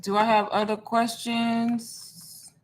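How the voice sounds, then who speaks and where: A woman's voice: a little high, level tone, slow, slight background noise. Young woman, livestream host, chatty and rambling, calls her viewers y'all. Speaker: online business livestream host. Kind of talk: casual livestream talk to viewers.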